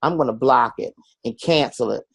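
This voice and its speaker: A middle-aged man opens up in an interview, earnest and confessional, slipping into the voices of the people he quotes. His voice sits at an ordinary middle pitch. The recording is close and dry, with no room sound. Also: normal speed, creaky, fairly bright tone, slightly rough, no room sound. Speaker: guest. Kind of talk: personal storytelling in an interview.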